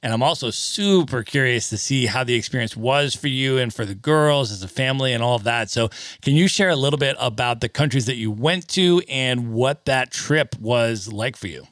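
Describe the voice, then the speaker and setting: A man's voice: mid-range voice, moderate pace, fairly bright tone, no echo, clean studio sound. A man hosting a travel podcast, enthusiastic and agreeable, asking long friendly questions. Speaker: podcast host. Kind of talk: casual interview.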